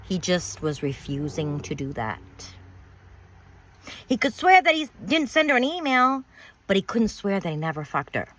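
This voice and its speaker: A woman's voice: mid-range voice, sing-song, moderate pace, fairly bright tone. A woman telling her own story of betrayal in a bitter, emphatic way, repeating words and swearing. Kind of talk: personal storytelling monologue.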